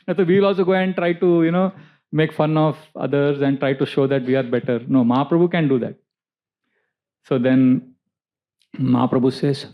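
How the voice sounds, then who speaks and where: A man, a spiritual teacher giving a festival sermon class, telling a story and explaining terms with asides. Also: fairly high pitch. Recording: dull lo-fi recording.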